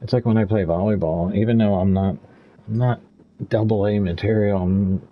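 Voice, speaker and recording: A man's voice: lowish voice, steady tone, moderate pace, phone-quality sound. A talkative man in his fifties chatting casually over gameplay as a streamer, rambling from story to story and laughing often. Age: 50s. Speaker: gaming streamer.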